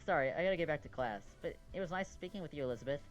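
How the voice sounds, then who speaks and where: A man's voice: a little high, expressive, very fast, faint music behind. A man voicing an eager, giggly first-year schoolgirl in a visual novel game. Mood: bubbly. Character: giggly, adoring young schoolgirl.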